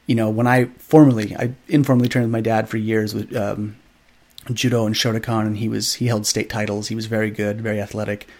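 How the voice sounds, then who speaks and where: A man in his thirties, a podcast guest, telling a story in a casual, animated way, acting out quoted dialogue with many fillers. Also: fairly low pitch, brisk.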